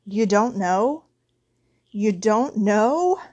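A towering, hot-tempered half-giant man booms and growls his lines, as a woman reads him aloud. He sounds big-hearted but easily roused to indignation, a storybook giant. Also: animated, drawn-out words, a little mellow, breathy edge, dull audio, full character voice. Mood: incredulous. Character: huge gruff male half-giant groundskeeper, hot-tempered.

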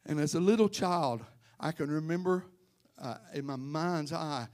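A male pastor preaching a sermon to his congregation in church, telling stories and calling out members by name, rising to loud fervent preaching. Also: a little high, a little slow.

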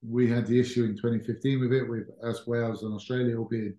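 A man's voice: medium pitch, quick pace, highs cut off. Man in his thirties, easygoing podcast guest, mid-range voice, some room echo. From England. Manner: relaxed storytelling with frequent restarts and fillers. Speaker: podcast guest, former rugby captain. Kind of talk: casual interview chat. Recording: roomy echo.

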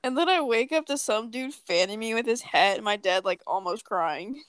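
A woman's voice: on the high side, animated, moderate pace, a bit bright, clean tone, dry recording. A young woman co-hosting a podcast, telling a story in a joking, profane, casual way. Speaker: podcast co-host. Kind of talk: casual chat.

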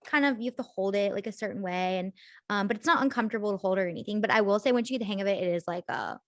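A woman's voice: mid-range voice, racing, no echo, clean studio sound. A woman co-hosting a casual podcast chat, talking loosely with lots of "like" and frequent laughter. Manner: chatty, laughs often, heavy use of "like". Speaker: podcast co-host.

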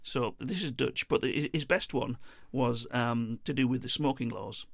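A man's voice: mid-range voice, unhurried, creaky, dry recording, clean studio sound. A man telling a travel story in a casual, meandering monologue, chuckling and interrupting himself as he goes.

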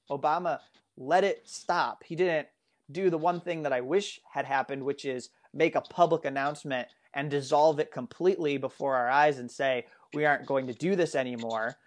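A man co-hosting a casual political discussion, talking earnestly and rambling with frequent restarts. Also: a little high. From United States. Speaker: political commentary co-host.

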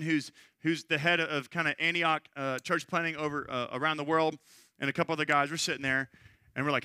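Bright-voiced pastor telling a story. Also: male voice, a little high, steady tone, a little fast, smooth, no echo. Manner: conversational storytelling with frequent "right?" asides. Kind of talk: sermon.

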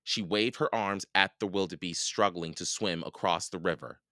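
A man reading a children's book aloud for a podcast, slow and expressive. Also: sits low, no echo, studio quality. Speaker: podcast read-aloud host.

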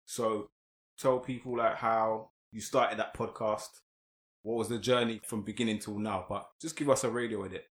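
A man's voice: fairly low pitch, steady tone, moderate pace, reverberant. A man with a London accent hosting a podcast, asking questions in an easygoing, teasing way. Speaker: podcast host. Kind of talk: casual podcast interview.

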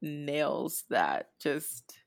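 A woman's voice: low-pitched, extremely slow, creaky, dry recording, clean studio sound. A woman in casual chat, talking candidly and loosely with lots of fillers. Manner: relaxed, candid, filler-heavy.

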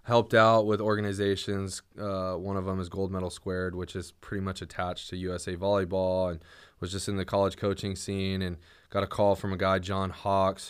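A man's voice: deep voice, smooth. A young man co-hosting a podcast in casual chat, laid-back and full of "dude" and "like". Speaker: podcast co-host. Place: podcast studio.

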